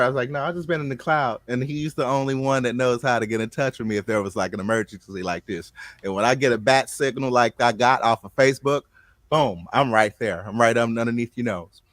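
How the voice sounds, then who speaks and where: Animated storytelling man, dry sound. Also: medium pitch, normal speed, dry recording. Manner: animated storytelling, acts out quotes loudly. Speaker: show host. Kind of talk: casual chat.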